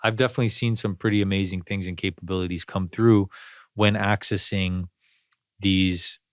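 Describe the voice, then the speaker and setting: Low-voiced man musing on spiritual ideas. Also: steady tone, moderate pace, dry recording, clean studio sound. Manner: rambling and reflective, many fillers and restarts. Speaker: podcast host. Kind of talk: casual spiritual conversation.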